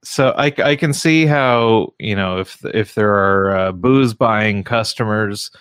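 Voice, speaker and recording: A man hosting a casual radio talk show, speaking in a halting way with frequent restarts and fillers. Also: lowish voice, fairly bright tone, clear, resonant tone, no echo, studio quality. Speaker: radio show host and comedy show runner.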